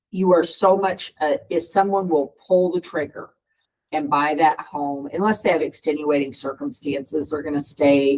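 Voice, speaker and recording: Panelist, mid-pitched voice, earnest and halting, set back from the mic. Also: distant mic, low-quality recording. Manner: earnest, halting, many restarts. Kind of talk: casual panel discussion.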